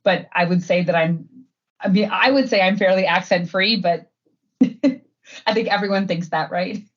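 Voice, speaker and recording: A woman's voice: mid-range voice, measured pace, muffled recording. A middle-aged woman from Wisconsin, chatting casually as an interview guest and filling her talk with "um" and "like". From Wisconsin, USA. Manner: chatty, frequent fillers and laughs. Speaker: guest, head of sustainability.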